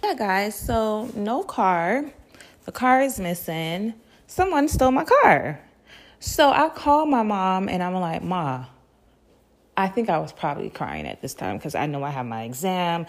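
Lively young woman telling a story. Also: mid-range voice, unhurried. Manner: animated, laughs often, swears freely, slangy asides. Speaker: podcast host. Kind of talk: casual storytelling.

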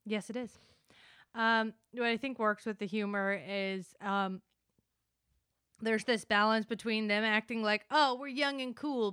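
A woman's voice: mid-range voice, fairly bright tone, clear, resonant tone, no echo, clean studio sound. A woman co-hosting a casual film chat, easygoing, with lots of ums as she retells scenes. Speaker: podcast co-host.

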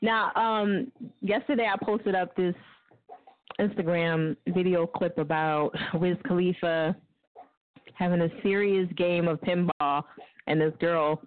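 Woman radio host, brash and profane, quick laughs, tinny lo-fi sound. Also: lowish voice, fairly even intonation. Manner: blunt, profane, laughing often. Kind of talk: casual talk radio rant. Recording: dry, phone-like lo-fi line.

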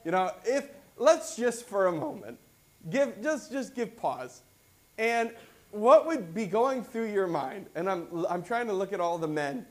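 A man's voice: sits high, a little slow. A man preaching a conversational sermon as pastor, reading scripture aloud and then explaining it in plain words. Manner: acts out quoted voices with rising excitement.

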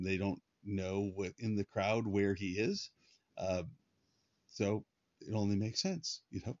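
A man's voice: fairly low pitch, dry recording. A man hosting a podcast, teaching through a Bible passage in a conversational way, with frequent fillers and restarts. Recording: dull lo-fi dry recording.

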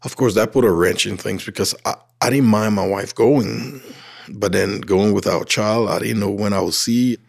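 This is personal storytelling from a middle-aged man from Liberia, speaking with a Liberian accent at normal speed in a lowish voice touched by vocal fry. He acts out quoted dialogue with animation as he recounts his life, while faint music plays behind him.

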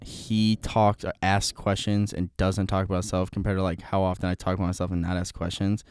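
A man's voice: low voice, level tone, a little fast, a little mellow, clear, resonant tone, dry recording, studio quality. A young man chatting casually on a podcast, rambling with many fillers and restarts.

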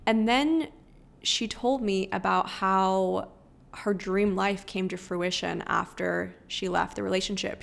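A woman's voice: medium pitch, creaky, a bit bright. A young woman hosting a podcast, sharing personal advice in an earnest, chatty monologue. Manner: earnest, emphatic, chatty with many fillers. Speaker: podcast host.

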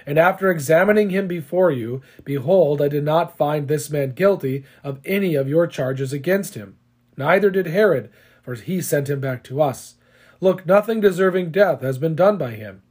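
Pilate, a weary Roman governor, reasons in a measured tone, as a man reads his lines in a scripture reading. The voice sits slightly high for a man. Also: lively intonation, a little mellow, slightly rough. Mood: reasoning.

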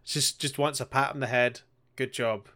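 A man's voice: mid-range voice, steady tone, sharp tone. A man co-hosting a podcast, retelling scenes in a rambling, sweary casual chat. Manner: rambling, sweary, quick retelling with quoted lines. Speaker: podcast co-host. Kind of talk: casual chat recapping an anime.

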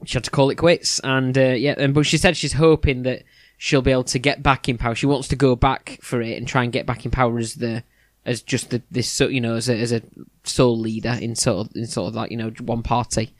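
A man's voice: medium pitch, little pitch movement, a little fast, no room sound, studio quality. A man co-hosting a casual news chat, hesitant with many restarts. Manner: hesitant, lots of restarts and fillers. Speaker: podcast co-host.

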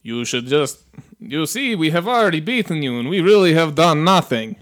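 A man's voice: on the high side, lively intonation, normal speed, fairly bright tone. A man voicing a pompous sea captain who speaks formally and grandly. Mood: haughty. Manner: haughty, formal speech.

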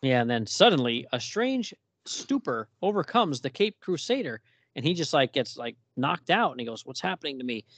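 A man's voice: a little high, normal speed, no room sound. Chatty man reading comic lines aloud. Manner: reads comic dialogue aloud with lively emphasis. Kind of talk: casual comic book discussion.

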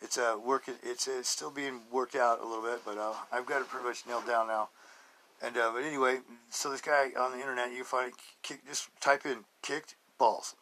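A man's voice: mid-range voice, little pitch movement, fairly quick, pushed and bright. A man hosting his own podcast, rambling through a casual, joking monologue, laughing often and drifting between stories and life advice. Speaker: podcast host.

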